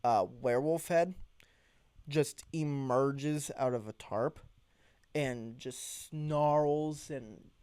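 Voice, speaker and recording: Young adult male storyteller, casual and animated, slow pace, dry close sound. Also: clear, resonant tone, no echo. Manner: animated, jumps into high voices when quoting himself. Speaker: vlogger telling a story.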